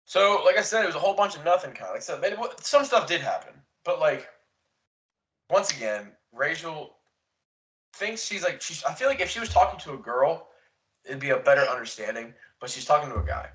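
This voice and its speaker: Young man, podcast co-host, casual chat, swears a lot, animated retelling. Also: fairly high pitch, brisk, rough recording. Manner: profane, rambling, animated retelling. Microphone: desk podcast mic.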